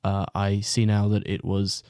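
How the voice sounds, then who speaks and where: A man playing a tabletop game in character, speaking in a formal, measured way. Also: on the low side, completely flat delivery, warm tone, clear, resonant tone, no room sound, clean studio sound. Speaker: player.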